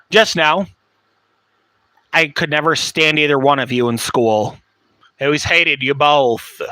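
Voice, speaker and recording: A man's voice: a little high, bright, forceful tone, no room sound. A man hosting a podcast, telling a rambling personal story in a blunt, profane, casual way. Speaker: podcast host.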